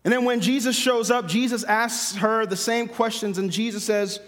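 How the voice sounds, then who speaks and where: An emphatic male preacher with a fairly high voice, driving his points home by repeating them. His sermon rings out with a long reverb, as in a large hall or church. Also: fairly even intonation, moderate pace, fairly bright tone. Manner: emphatic, repeats phrases for stress.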